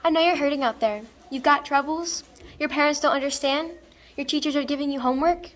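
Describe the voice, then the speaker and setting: A woman's voice: high-pitched, a little fast, a little hiss or hum, close to an everyday voice. Young woman playing an earnest motivational speaker. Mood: preachy. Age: young adult. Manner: preachy and earnest. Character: over-the-top female motivational speaker. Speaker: student actor. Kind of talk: stage monologue.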